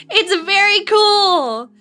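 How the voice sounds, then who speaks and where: Bright, giggly, high-voiced woman streamer. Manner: chatty, giggly and casually profane. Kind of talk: casual chat with live chat.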